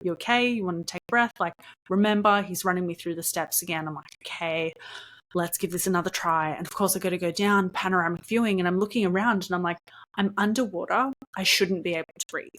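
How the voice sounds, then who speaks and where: A young adult woman hosting her own podcast, telling a story in a chatty, animated way, laughing often and dropping in lots of ums. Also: lowish voice, fast talker. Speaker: podcast host. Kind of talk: casual storytelling monologue.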